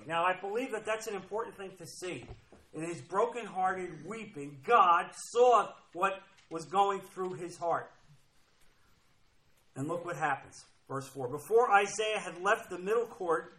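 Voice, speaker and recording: A man's voice: high voice, moderate pace, pushed and bright, rough recording. A man preaching a sermon, emphatic and repeating key phrases as he reads scripture aloud. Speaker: pastor.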